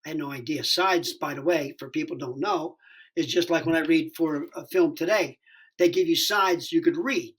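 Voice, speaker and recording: A man, a stand-up comedian guesting on a podcast, telling an animated, profane anecdote and acting out the people in it. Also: on the high side, normal speed, breathy edge. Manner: profane, acts out the dialogue in his story.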